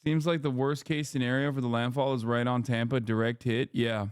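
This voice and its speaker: A man's voice: medium pitch, flat delivery, fairly quick, smooth, dry recording, clean studio sound. A man hosting a livestream, reacting to posts with sarcastic, mocking, profane commentary. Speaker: livestream host.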